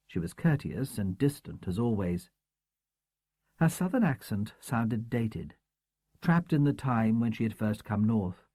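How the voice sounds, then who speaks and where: In this scripted audiobook narration of a crime novel, a man with a lowish voice tells the story in a measured yet expressive manner. There's no echo.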